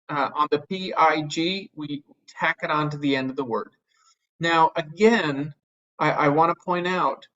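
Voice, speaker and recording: A male teacher walks through a grammar lesson step by step, patient and unhurried, dropping an um now and then. His voice sits a little high. The recording is muffled and lo-fi. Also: fairly bright tone. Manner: patient, explains step by step with fillers. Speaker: Spanish teacher.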